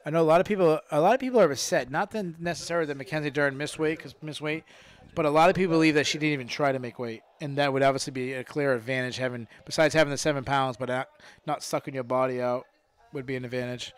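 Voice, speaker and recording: A man hosting a casual fight podcast, talking into a studio mic with a clean, resonant voice that sits a bit high for a man. He rambles, doubling back over his own phrases as he chats with his co-hosts. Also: steady tone, fast talker, smooth. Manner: rambling, repeats and restarts phrases. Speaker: podcast host. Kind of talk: casual MMA commentary chat. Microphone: studio microphone.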